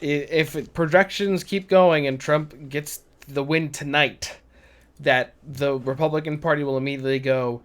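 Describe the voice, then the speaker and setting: A man's voice: a little high, steady tone, moderate pace, fairly bright tone. A man co-hosting a livestream podcast, jokey and playful, tossing in mock dramatic lines. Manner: jokey, throws in mock quotes and pirate calls. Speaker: podcast co-host. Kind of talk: casual livestream chat.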